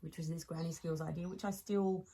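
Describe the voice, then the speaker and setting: A woman with an Australian accent, a podcast guest telling stories in casual chat, animated, laughing often and restarting sentences. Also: fairly low pitch, a little fast, slight background noise, poor audio.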